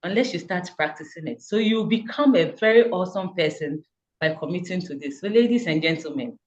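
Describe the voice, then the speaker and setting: A woman's voice: on the low side, expressive, a little fast, a little mellow, highs cut off. A woman giving a fervent, encouraging testimonial about her community, speaking over a video call. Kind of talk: earnest motivational speech.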